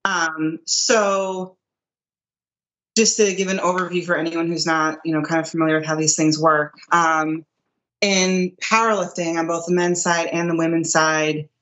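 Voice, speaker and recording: A woman powerlifter, a guest in an interview, explaining a topic in a measured, methodical way. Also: lowish voice, a bit bright, muffled recording.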